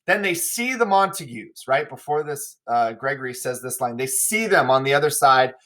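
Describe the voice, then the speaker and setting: A man's voice: medium pitch, expressive, moderate pace, a bit bright. A man teaching a recorded lesson, explaining the play casually with fillers and frequent check-ins.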